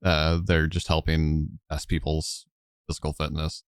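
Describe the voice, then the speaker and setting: A man's voice: very deep voice, completely flat delivery, a little slow, smooth, no echo, studio quality. A man narrating a tabletop game as game master, rambling with many fillers.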